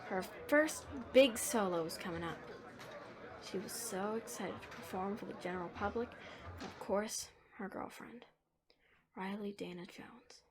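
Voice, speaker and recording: A woman's voice: mid-range voice, measured pace, crowd noise. Woman narrating a story, dropping to whispers. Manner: dramatic, shifting between whispers and emphasis.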